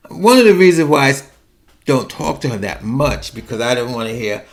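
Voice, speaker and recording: A man's voice: medium pitch, very animated, normal speed, gravelly. A man hosting a solo podcast and talking in a chatty, wry, digressive way. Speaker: podcast host. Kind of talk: monologue about personal fears.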